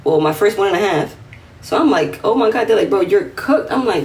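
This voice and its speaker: A woman in her twenties with a New York accent tells a casual story on a livestream, her mid-range voice brisk and animated. She uses slang and acts out quotes in a raised voice. She sits a bit back from the phone, so the audio is roomy and slightly distant with faint room noise.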